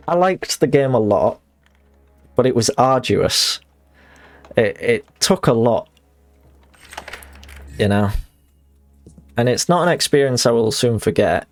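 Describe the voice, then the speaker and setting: A young man talks his way through a live game stream. His voice sits a little low, and he rambles and mocks himself, often restarting his sentences. Game music plays faintly behind him. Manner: rambling, self-mocking, many restarts.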